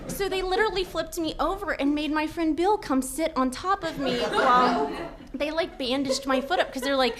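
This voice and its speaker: Give me a high-pitched young woman telling an animated comic story live. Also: moderate pace, heavy background noise. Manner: animated, acts out quotes loudly.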